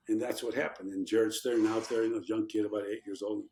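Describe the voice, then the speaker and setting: An older former congressman tells stories and plays out the voices of the people in them. His voice sits low, and the room around him has a noticeable echo. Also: quick pace, hardly any pauses, a little hiss or hum. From Chicago, USA. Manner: animated anecdotes, acting out quotes. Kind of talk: storytelling in a podcast interview.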